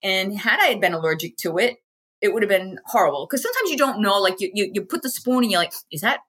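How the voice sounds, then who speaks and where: A woman's voice: medium pitch, big pitch swings, quick pace, fairly bright tone, slightly rough. An American woman, an interview guest, chatting frankly and casually about a personal experience and acting out what people said to her. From United States.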